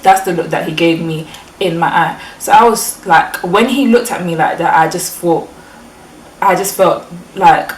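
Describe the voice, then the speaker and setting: Young London woman vlogger, lowish voice, animated casual storytelling, distant mic, faint background hum. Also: normal speed. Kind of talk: storytime vlog. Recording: echoey room, mic at a distance.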